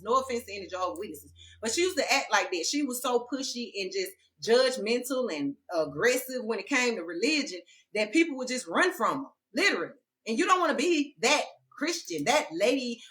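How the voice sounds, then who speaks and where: A woman speaks straight to her viewers in an emphatic, preachy monologue. Her voice sits a bit high and sounds bright and forceful. She talks like she is testifying to friends. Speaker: vlogger. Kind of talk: casual storytelling monologue.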